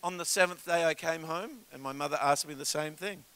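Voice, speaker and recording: An Australian man preaching a sermon in a church service, telling comic stories and swinging from quiet asides to shouts. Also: on the high side, a little fast, smooth. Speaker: guest preacher.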